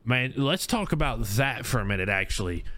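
A man's voice: medium pitch, expressive, moderate pace, bright, forceful tone, no room sound. A man in his thirties hosting a casual recap chat about his stream, rambling with lots of fillers and restarts. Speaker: streamer and podcast host.

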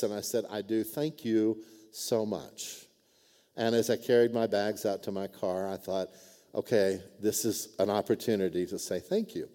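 A man preaches in a relaxed, conversational sermon style, often checking in with his listeners. His voice is mellow and mid-pitched, and it rings out with the long reverb of a church sanctuary. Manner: conversational, frequent "right?" and "amen?" asides. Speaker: pastor. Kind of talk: sermon with storytelling.

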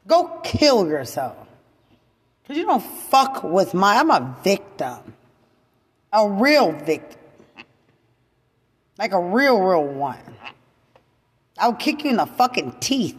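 A woman in an angry unscripted rant, profane and repetitive, swinging from loud outbursts to low muttering. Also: very animated, slow, long pauses, slightly rough, big-room sound. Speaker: mother venting to camera.

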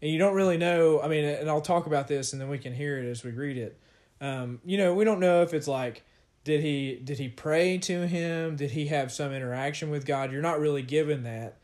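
A man's voice: fairly high pitch, brisk, darkish tone. A man casually discussing and reading scripture with a co-host, talking loosely with fillers and light laughs. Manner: conversational, with fillers and laughter, reads scripture aloud. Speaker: podcast co-host teaching scripture. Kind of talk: casual Bible study discussion.

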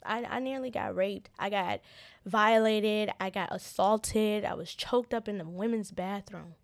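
Halting young woman with a gravelly voice. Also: medium pitch, no room sound, studio quality. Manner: halting, repeats words, earnest. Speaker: interview guest, business owner. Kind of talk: personal story in an interview.

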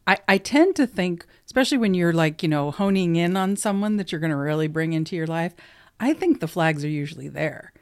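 Middle-aged lady on a podcast, kinda low voice, laughs a lot, dry close sound. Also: fairly quick, no echo. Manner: giggly, chatty, animated storytelling. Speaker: podcast co-host. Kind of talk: casual chat.

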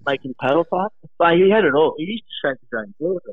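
A man, a former pro surfer, telling animated anecdotes in casual chat, acting out voices and laughing often. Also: a little high, fast, no echo. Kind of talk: casual storytelling. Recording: dry, phone-like narrow sound.

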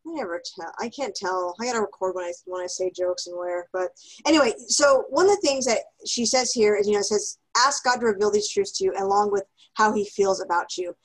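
A woman co-hosting a casual podcast, telling a personal story in a lively way with laughter, fillers and restarts. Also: medium pitch, fairly quick, poor audio. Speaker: podcast co-host.

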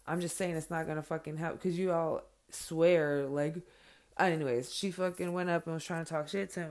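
A middle-aged woman, a mother, ranting in a casual and angry way, swearing often and breaking into loud bursts. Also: low voice. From Mexican heritage, raised in America. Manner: profane, heated, confrontational, with sudden loud bursts. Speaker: parent speaking her mind.

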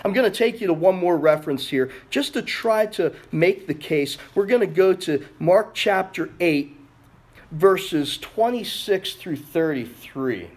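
A man's voice: sits high, moderate pace. A man preaching a sermon, reading scripture aloud and breaking in with rhetorical questions.

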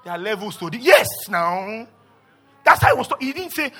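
A male pastor preaching a sermon, swinging from low murmurs to loud shouts and acting out scripture voices. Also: sing-song, fairly quick, soft background music. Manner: acts out scripture voices and asides.

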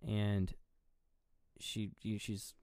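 A man's voice: fairly low pitch, completely flat delivery, very slow, a little mellow, clean tone, dry recording, clean studio sound. A man co-hosting a podcast, casually retelling a horror movie scene by scene, rambling, swearing freely and laughing at himself. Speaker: podcast co-host.

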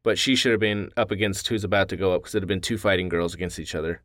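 A man's voice: low-pitched, steady tone, fast talker, fairly bright tone, dry recording, studio quality. A man co-hosting a podcast, running the segment with brash, crude banter and frequent swearing. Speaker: podcast co-host.

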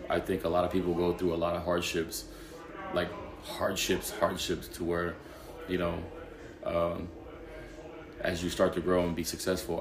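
A man who works as a gym trainer, telling a lively anecdote and acting out the dialogue. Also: low-pitched, echoey room. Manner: animated, acting out quoted dialogue. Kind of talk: anecdotal interview storytelling.

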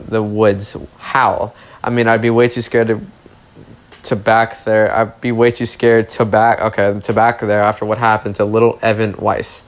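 A man's voice: fairly low pitch, lightly acted. A man reading as a whiny, lovesick teenage boy. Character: lonely, dramatic teenage boy pining for his girlfriend.

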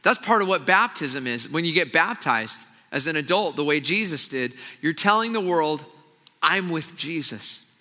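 A man preaches a sermon in a high, very bright, cutting voice. He is earnest and often drops into hushed, intense passages. A long reverb trails each phrase through the hall. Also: animated, normal speed, hardly any pauses. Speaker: pastor.

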